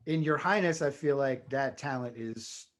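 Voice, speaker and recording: A man's voice: mid-range voice, moderate pace. A man co-hosting a podcast, chatting casually with a dry, wry sense of humor. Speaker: podcast co-host. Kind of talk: casual chat.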